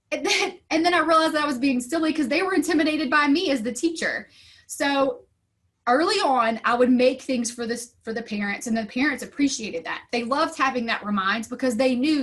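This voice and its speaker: A woman teacher in her thirties, with a somewhat high voice, gives a conference talk to fellow teachers. She shares classroom stories in an upbeat, storytelling style, switching into lively voices whenever she quotes someone.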